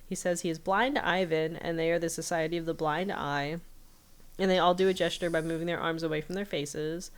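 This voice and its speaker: A woman's voice: deep voice, steady tone, clean tone. Laughing woman recapping a cartoon episode. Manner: retells scenes with quick quoted voices and laughs. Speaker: podcast co-host.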